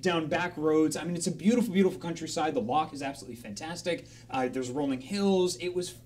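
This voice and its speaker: A man telling a rambling, animated story live on a charity stream in a casual way. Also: on the high side, fast, a little hiss or hum.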